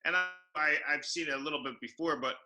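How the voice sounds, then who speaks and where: Bright-voiced man with a South Philly accent. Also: fairly high pitch, fast, low-quality recording. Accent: South Philadelphia. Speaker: improv student. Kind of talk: casual discussion.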